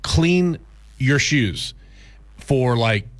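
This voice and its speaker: A man's voice: mid-range voice, expressive, drawn-out words, dry recording. A man co-hosting a radio show, telling stories in casual banter with lots of ums and uhs. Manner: rambling storyteller with many fillers.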